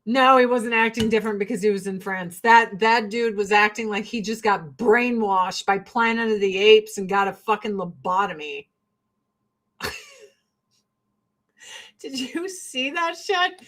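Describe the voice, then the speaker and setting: A woman's voice: medium pitch, unhurried, fairly bright tone. A woman from rural Illinois hosting a casual get-ready-with-me vlog, blunt, swearing freely and laughing often. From rural Illinois, US Midwest. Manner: blunt, profane and chatty, with frequent laughs. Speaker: vlogger and host.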